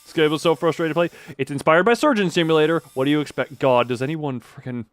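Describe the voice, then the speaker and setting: Excitable male streamer, rambling. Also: a little high, fast talker, no room sound. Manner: excitable, rambling, mild swearing, laughs often. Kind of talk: casual live-stream chat while gaming.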